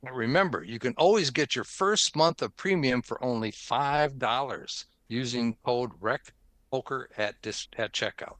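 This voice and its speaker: A man's voice: medium pitch, moderate pace, a bit bright, no room sound. A man hosting a podcast, chatting casually and reading the show intro in an upbeat way, laughing often. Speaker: podcast host.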